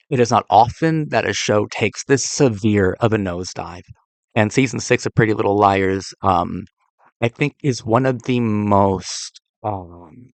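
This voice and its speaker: A man's voice: fairly low pitch, dry recording. A man hosting a video essay who talks about television bluntly, with an exasperated tone and frequent fillers and restarts. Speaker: TV critic and channel host.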